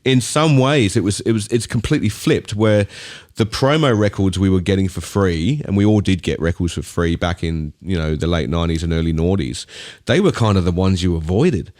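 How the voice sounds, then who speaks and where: A middle-aged Australian man with a somewhat low voice, spinning long anecdotes on a podcast. He rambles along in an animated, chatty way. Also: brisk. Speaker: guest DJ and producer. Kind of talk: podcast storytelling.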